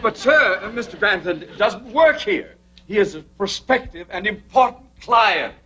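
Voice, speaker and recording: An actor playing a pompous, flustered bank president who blusters and stammers, on a muffled old TV soundtrack. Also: male voice, high voice, expressive, a little slow, bright, forceful tone, full character voice. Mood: protesting.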